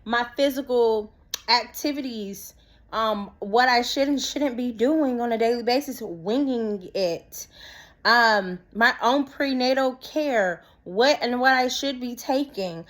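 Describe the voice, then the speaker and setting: Expressive young woman telling her story. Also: a little high, slow. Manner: expressive, talks straight to viewers as "y'all". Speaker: vlogger. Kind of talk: casual storytime monologue.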